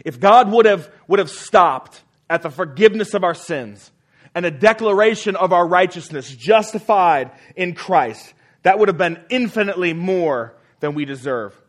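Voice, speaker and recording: A high-voiced pastor preaches at normal speed with lively intonation. Earnest in tone, he repeats phrases to drive points home and lets his voice grow soft at the close of sentences.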